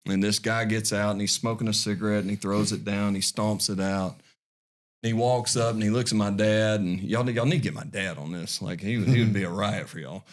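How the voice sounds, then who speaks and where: Earnest low-voiced man telling a story. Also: steady tone, a little fast. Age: 40s. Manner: earnest, folksy, restarts phrases often. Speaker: podcast guest. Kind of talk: heartfelt personal storytelling.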